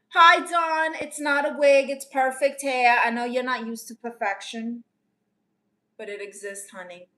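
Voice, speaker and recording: A woman's voice: on the high side, sharp tone. A woman playing a brash, teasing aunt who calls herself a therapist, chatting with her audience and calling them honey. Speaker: live-stream comedian answering chat. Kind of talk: improvised live-stream character comedy.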